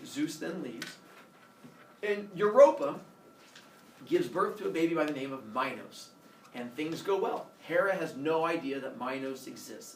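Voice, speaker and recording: Playful man telling a myth in an echoey room. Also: on the high side. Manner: playful, animated, puts on silly character voices. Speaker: storyteller. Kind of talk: casual oral storytelling. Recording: echoey room, mic from far off, faint noise.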